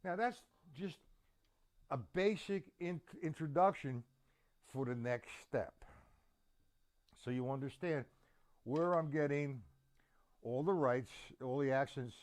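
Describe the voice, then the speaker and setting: A man teaching a drum lesson, counting the beats aloud slowly and emphatically. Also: medium pitch. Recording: loud drum kit over voice. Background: loud drums.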